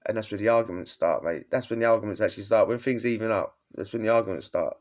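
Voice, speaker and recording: A man's voice: on the low side, fast talker. A man with a British accent telling prison stories in a casual, slangy way, swearing freely and laughing as he talks. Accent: British English. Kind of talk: casual storytelling. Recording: dull lo-fi sound.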